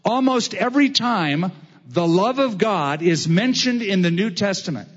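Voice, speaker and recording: Male preacher, high voice, deliberate drawn-out sermon delivery. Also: lively intonation, husky, in a large hall, lo-fi sound. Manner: slow, emphatic preaching with drawn-out phrases. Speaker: pastor.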